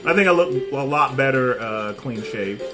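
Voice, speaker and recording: A middle-aged man hosting a casual livestream, answering viewers' comments by name and pausing often on fillers. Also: medium pitch, expressive, music in the background. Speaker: livestream host.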